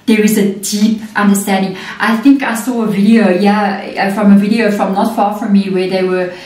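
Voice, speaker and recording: A woman's voice: mid-range voice, fairly even intonation, normal speed, a little mellow. A woman giving a chatty tarot reading, often checking in with "okay" and "you know what I mean.". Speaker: tarot reader. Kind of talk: casual spiritual reading. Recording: echoey room, mic at a distance.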